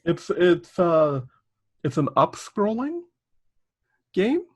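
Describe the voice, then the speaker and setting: A man's voice: high-pitched, big pitch swings, takes it slowly. A man co-hosting a casual gaming podcast, reading news items in a rambling way with lots of ums. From Canada. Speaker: podcast co-host. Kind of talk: casual chat.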